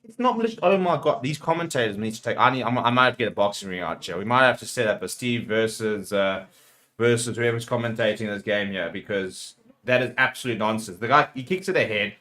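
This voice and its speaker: A man's voice: on the low side, expressive, fast, sharp tone. A man hosting a rugby watchalong, calling the play live and getting heated with the referee. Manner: partisan play-by-play calls. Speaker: watchalong host.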